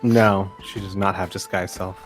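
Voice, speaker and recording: Relaxed male game master. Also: low-pitched, normal speed, faint music behind. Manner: relaxed, hesitant with fillers. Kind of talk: running a tabletop game.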